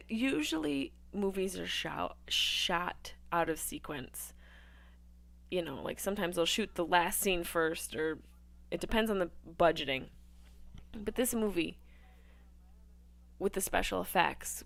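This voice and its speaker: A woman hosting a live movie watch-along, riffing with crude jokes and swinging between loud outbursts and hushed asides. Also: fairly low pitch, gravelly. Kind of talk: casual riffing commentary over a film.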